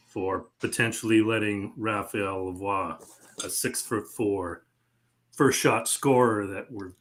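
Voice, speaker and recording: A man co-hosting a podcast who tells stories in an animated way, swearing freely and laughing as he goes. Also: fairly low pitch. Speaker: podcast co-host. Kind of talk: casual podcast storytelling.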